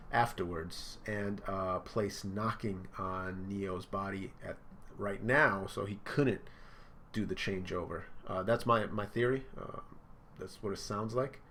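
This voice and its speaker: A man's voice: low voice, a bit bright, a little hiss or hum. A man giving casual reaction commentary, reading comic dialogue aloud with laid-back asides. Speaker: anime and manga reaction host.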